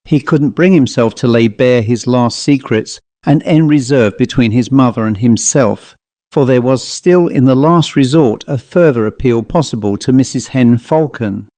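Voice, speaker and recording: A man reading a short literary story aloud as an audiobook narrator, in a measured, even storytelling manner on a close microphone. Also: mid-range voice, no room sound.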